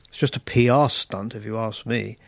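A man's voice: on the low side, fairly even intonation, moderate pace, vocal fry, dry recording. A man voicing a prim young woman who lectures in English, lifting his voice a little. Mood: stiff.

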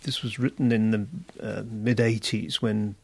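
Creaky-voiced male author. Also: on the low side, flat delivery, darkish tone. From London. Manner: thoughtful, halting with fillers. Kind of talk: reading aloud and answering questions.

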